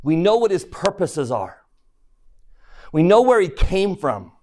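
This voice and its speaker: A man's voice: sits high, big pitch swings, a little slow, mellow. Man teaching a scripture class, questioning. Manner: poses questions to the class and retells scripture scenes. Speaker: religion teacher.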